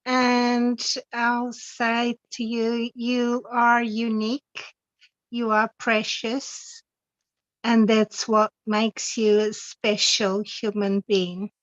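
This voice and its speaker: A gentle, high voice murmurs affirmations at a crawl, as a man puts it on. It stays in one narrow, soothing pitch. The sound is dry and a little dull, as if close to the mic. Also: completely flat delivery, extremely slow, no echo, full character voice.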